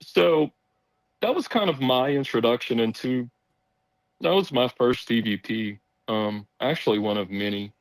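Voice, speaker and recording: A man's voice: medium pitch, moderate pace, dry recording, rough recording. Man rambling through a story, dry sound. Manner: rambling, animated, acts out quoted voices. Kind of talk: casual storytelling.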